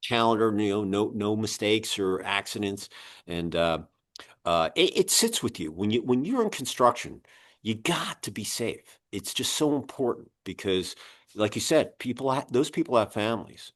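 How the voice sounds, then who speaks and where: A man's voice: fairly low pitch, expressive, moderate pace. A man in his sixties hosting a business podcast, telling rambling anecdotes full of fillers. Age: 60s. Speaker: podcast host and magazine publisher. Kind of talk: casual storytelling interview.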